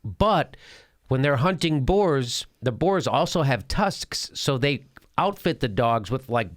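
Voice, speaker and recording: Clean studio sound with no echo captures a middle-aged host whose medium-pitched voice moves at a slow pace. Commenting on a video, he's jokey and animated, laughing often in casual comedic commentary.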